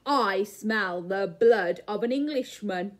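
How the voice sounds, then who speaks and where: A woman voicing a big, scary, hungry male giant in a children's story, chanting loudly. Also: slow, natural voice. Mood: roaring. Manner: loud, booming chant.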